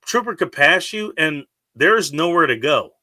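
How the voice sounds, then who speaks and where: Podcast host, male, bright forceful voice with a dry close sound, crude banter. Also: fairly high pitch, sing-song, unhurried, dry recording. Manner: crude teasing jokes. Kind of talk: casual banter.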